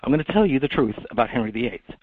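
A man delivering a rambling, repetitive monologue full of restarts and "okay?" tags, at times rising into loud preacher-like exhortation. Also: mid-range voice, animated, racing, husky, no room sound. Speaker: monologue speaker. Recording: tinny phone-like dry recording.

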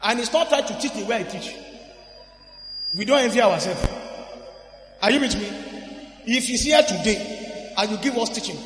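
A man with a very high, bright, forceful voice preaches a sermon, calling out to the congregation and swinging between quiet asides and shouted emphasis. The sound carries a long, roomy reverb from a big hall, with faint music behind him. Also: lively intonation, normal speed, long pauses. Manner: emphatic, with frequent call-and-response to the congregation. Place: church service in a large hall.

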